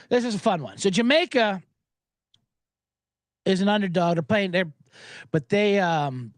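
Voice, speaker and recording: A man's voice: sits high, lively intonation, normal speed, long pauses, dry recording, clean studio sound. A man hosting a sports betting show, talking in a loose, joking, profane ramble full of asides. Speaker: sports betting podcast host. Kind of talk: casual rambling commentary.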